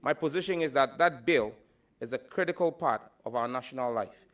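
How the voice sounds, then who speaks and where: A man with a Ghanaian accent, a minister nominee, answering a parliamentary committee forcefully and emphatically. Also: mid-range voice, a little fast.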